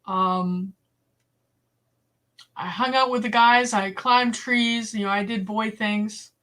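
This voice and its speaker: A woman's voice: a little high, takes it slowly. Blunt woman from Boston, telling stories. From Boston area. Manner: blunt, animated storyteller, acts out quoted voices. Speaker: livestream host. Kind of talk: casual storytelling to a live chat.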